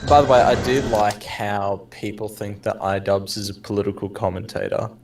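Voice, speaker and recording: A man's voice: lowish voice, fairly even intonation, moderate pace, background noise. A man from Australia joining a streamer's casual chat with teasing, crude banter. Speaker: guest on a stream.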